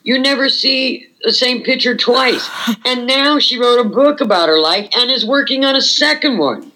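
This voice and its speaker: A woman's voice: a little high, moderate pace, sharp tone, a little hiss or hum, poor audio. An older woman, a former burlesque performer, reminiscing frankly in a chatty interview and often saying "you know".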